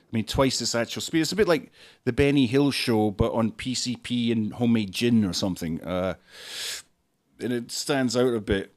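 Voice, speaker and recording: A man, hosting a podcast and reviewing a film in a dry, sarcastic monologue full of deadpan jokes. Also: mid-range voice, normal speed. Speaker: podcast host.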